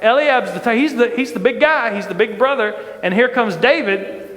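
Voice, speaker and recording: High-voiced preacher in an echoing hall. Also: male voice, moderate pace, a bit bright. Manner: conversational, asks the congregation questions. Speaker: pastor. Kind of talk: sermon. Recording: echoey church hall with long reverb.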